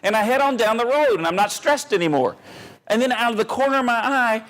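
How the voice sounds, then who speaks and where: A man telling a self-mocking comic story on stage, animated and full of pauses and restarts. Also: very high-pitched. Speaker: humorous keynote speaker.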